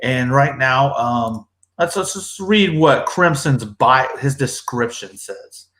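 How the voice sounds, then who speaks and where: A man's voice: mid-range voice, expressive, takes it slowly, a bit bright, echoey room. A man hosting a casual livestream, laid-back and profane, talking up his guests. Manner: laid-back, swears freely, hypes up guests. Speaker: livestream host.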